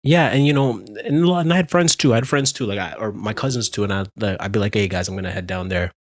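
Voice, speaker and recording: A man co-hosting a podcast, telling a story in animated casual chat, laughing often and restarting his sentences. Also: lowish voice, fast, no echo. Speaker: podcast co-host.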